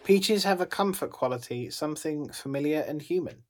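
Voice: medium pitch, animated, a little fast. A podcast co-host with a mid-range voice talks casually, circling back on phrases and repeating words as the thoughts come together. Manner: rambling, repeats words while thinking aloud. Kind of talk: casual chat.

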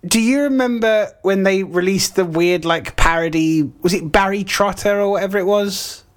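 A young man with a fairly high voice hosting an internet radio show. He chats loosely, sends greetings to listeners and often trips over his words before going on. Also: normal speed, clear, resonant tone. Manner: chatty, hesitant, with restarts and shout-outs to listeners. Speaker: radio host. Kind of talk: casual radio banter.

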